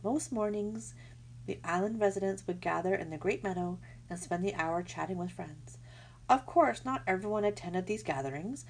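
A woman narrating a children's storybook aloud in an expressive, lively way. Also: mid-range voice, normal speed, slight background noise.

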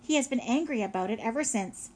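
A woman voicing a calm, kind female robot who speaks in a measured, precise way. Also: fairly high pitch.

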